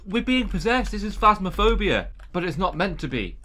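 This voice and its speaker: A man giving joking, excitable commentary while playing a game, often breaking into startled yelps. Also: high-pitched, moderate pace. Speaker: gameplay streamer. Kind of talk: casual let's-play commentary.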